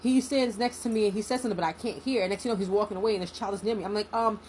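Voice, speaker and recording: A young woman in a casual storytime vlog, animated and indignant, acting out what people said. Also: mid-range voice, rapid-fire, slight background noise, poor audio. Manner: animated, indignant, acts out quotes.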